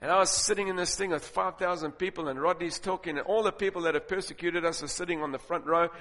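A man preaching a sermon, telling stories and building to loud, emphatic points. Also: high-pitched, steady tone, quick pace. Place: large auditorium with audience. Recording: long reverb of a large hall.

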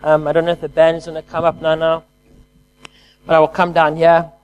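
A man preaching a lively sermon who calls out to his congregation and swings between loud exclamations and quiet, hushed lines. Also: fairly high pitch, a little fast, smooth, no room sound, dull audio. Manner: energetic call-and-response preaching.

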